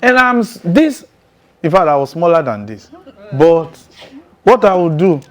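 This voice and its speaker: A man's voice: on the high side, big pitch swings, measured pace. Male preacher, testimony sermon, intense and emphatic, chuckles often.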